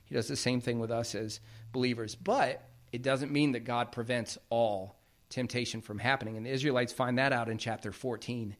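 A man's voice: medium pitch, steady tone, moderate pace. A man preaching a sermon as pastor, explaining scripture in a plain, conversational way.

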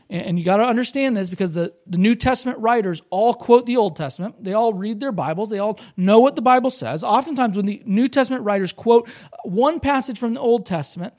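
A man with a notably high voice preaches a sermon at a church service. He teaches in a relaxed, conversational way, going back over each point so the congregation can follow. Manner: conversational, explanatory, repeats points for emphasis. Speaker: pastor.

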